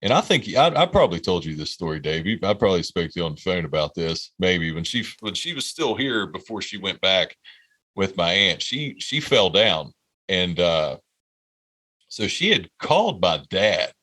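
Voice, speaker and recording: Podcast co-host, male, 30s: low and forceful voice, rambling profane storytelling. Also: very animated, moderate pace. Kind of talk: casual storytelling chat.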